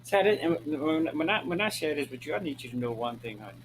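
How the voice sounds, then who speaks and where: Very animated and fast, with a fairly high voice, a Maryland man hosting his own show talks casually to viewers, sassy and flamboyant, swearing freely and calling them honey and girl. His preachy, emphatic style leans on repeated lines for effect in this talking-head monologue. The recording is rough, with a little hiss or hum.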